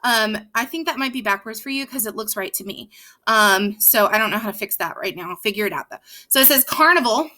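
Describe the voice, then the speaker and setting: A young woman teacher gives a patient reading lesson to young children and sounds words out slowly. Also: fairly high pitch, lively intonation, pushed and bright.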